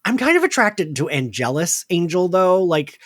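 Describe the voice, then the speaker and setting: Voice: medium pitch, very animated, moderate pace, no echo, clean studio sound. A podcast co-host in casual chat, rambling with lots of fillers and acting out quotes.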